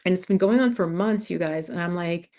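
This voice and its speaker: Hosting a relaxed livestream, this fifties-aged New Yorker talks straight with her audience, whom she addresses as "you guys." She speaks briskly in a lowish, warm voice.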